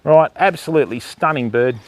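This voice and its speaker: A man's voice: a little fast, slight background noise. Australian man chatting casually on a vlog. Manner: chatty, cooing at animals in a high voice. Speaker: wildlife vlogger. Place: outdoor wildlife park.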